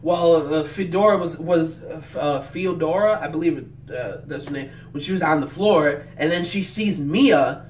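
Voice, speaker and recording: A high-voiced man rambles through his emotional anime reaction, restarting sentences and leaning on fillers. He sits back from the mic in an echoey room with a faint hiss behind him. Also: moderate pace, few pauses, distant mic. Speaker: anime reviewer. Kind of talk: casual reaction commentary. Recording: roomy echo, off-mic, faint noise.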